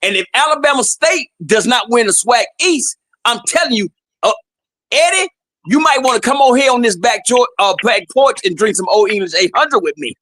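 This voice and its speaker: Loud, high-pitched man trash-talking. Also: expressive, moderate pace, dry recording. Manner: boisterous, shouting, teasing.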